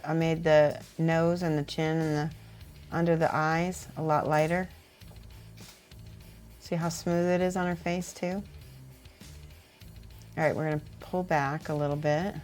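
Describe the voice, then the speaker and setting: A woman livestreaming as she paints miniatures, reading viewer messages aloud and thinking out loud between brushstrokes. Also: low voice, flat delivery, measured pace, long pauses, faint music behind. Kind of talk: casual livestream chat while painting.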